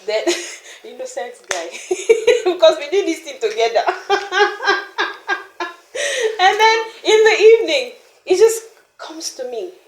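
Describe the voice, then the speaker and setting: A woman in an interview, candidly telling a personal story with frequent laughter and animated restarts. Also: very high voice, slow, echoey room, rough recording. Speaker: founder of a mothering community, interview guest.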